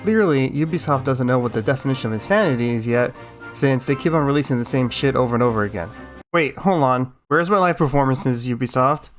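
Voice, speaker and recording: Young male gaming host, sarcastic and excitable, over loud background music. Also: mid-range voice, a little fast. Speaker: gaming YouTuber. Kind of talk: comedic recap commentary. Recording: music playing under the voice.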